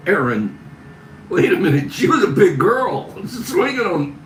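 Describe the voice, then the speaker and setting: His voice sits high and a bit bright, sing-song and a little slow, as he reads out comments during a casual livestream. Giggly and teasing, he can't stop laughing. The phone-camera recording has room echo and music behind it.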